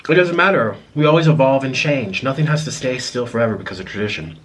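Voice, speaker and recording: A man vlogging to camera, talking in a reflective, apologetic way with many restarts, pausing to eat. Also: mid-range voice. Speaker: mukbang vlogger. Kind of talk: casual confessional talk to camera.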